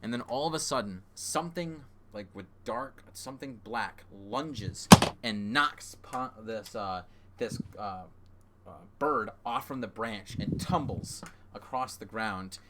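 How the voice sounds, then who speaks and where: A man narrating as game master of a tabletop game, halting with frequent fillers. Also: mid-range voice, very noisy.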